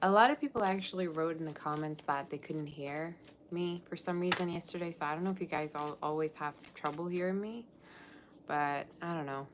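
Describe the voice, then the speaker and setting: Low-pitched woman, casual live tarot reader, distracted and chatty, light background hiss. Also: fairly quick. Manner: chatty, scattered, self-interrupting. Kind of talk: casual live-stream chat.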